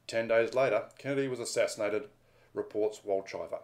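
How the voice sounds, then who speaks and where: A man's voice: on the low side, fairly quick, darkish tone. A man co-hosting a podcast, reading news items aloud in a dry, mock-dramatic way. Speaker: podcast co-host.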